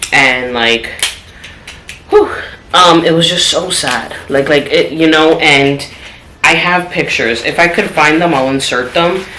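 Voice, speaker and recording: A woman telling a personal story in a home vlog, candid and open, her voice going soft and trailing when the story turns sad. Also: low-pitched, slight background noise. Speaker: vlogger. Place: home apartment. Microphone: phone camera. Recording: echoey room with clattering dishes.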